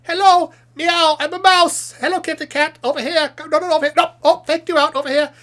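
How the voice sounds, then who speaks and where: A man voicing a squeaky mouse that teases a kitten with high coaxing calls. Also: fairly even intonation, a little fast, sharp tone.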